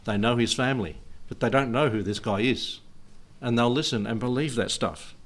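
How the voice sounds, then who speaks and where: Speaking at a moderate pace in a medium pitch, a middle-aged pastor delivers a loose, wandering sermon. He frequently chuckles as he moves from one point to the next.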